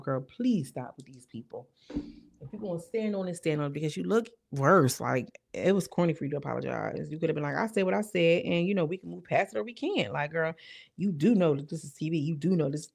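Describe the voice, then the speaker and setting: A woman reviewing a reality TV episode in casual, slangy, animated commentary. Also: deep voice, gravelly. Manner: animated, slangy, acts out quotes.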